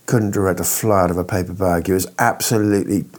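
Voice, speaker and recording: Husky British man in rambling chat. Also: low-pitched, steady tone, fast. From Britain. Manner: rambling, restarts often, ranting. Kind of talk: casual chat.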